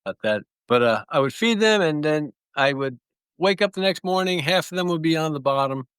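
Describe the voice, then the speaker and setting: A man's voice: fairly high pitch, lively intonation, a little fast, a bit bright, clear, resonant tone, dry recording. A man telling stories in an interview, rambling through anecdotes with small restarts. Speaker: guest clownfish breeder. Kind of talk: relaxed storytelling.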